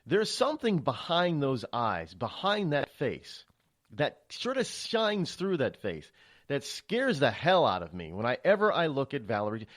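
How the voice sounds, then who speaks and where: A man's voice: mid-range voice, measured pace. A man hosting a talk radio show, speaking in a rambling, emphatic monologue full of restarts and stammers. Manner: animated, emphatic delivery.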